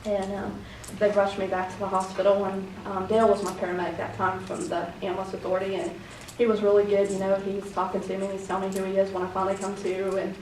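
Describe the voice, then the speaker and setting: A woman's voice: mid-range voice, completely flat delivery, fast, darkish tone. This is a woman giving public comment at a county meeting. She wanders through her account with plenty of ums and quoted back-and-forth. Her voice carries from a distance in an echoey room, with a faint hum behind it. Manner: rambling, many fillers, acts out quoted dialogue.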